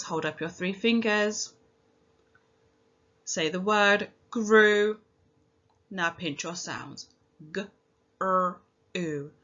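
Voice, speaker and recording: Woman teacher doing phonics with little kids, slow and clear, lowish voice, kinda muffled audio. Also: pushed and bright. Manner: slow, clear, encouraging, sounds out words. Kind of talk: phonics lesson for young children.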